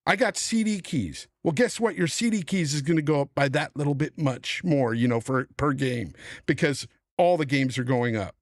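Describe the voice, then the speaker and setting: A man's voice: mid-range voice, normal speed, dry recording, clean studio sound. A middle-aged man hosting a podcast panel, on a heated, profane rant about the industry. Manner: angry, profane, emphatic ranting. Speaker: podcast host.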